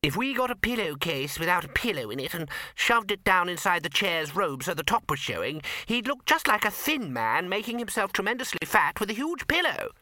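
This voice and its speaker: A man reading an audiobook, voicing an overexcited male wizard who gabbles enthusiastically in a high voice. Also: sing-song, fairly quick, hardly any pauses, sharp tone, no room sound, full character voice. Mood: excited.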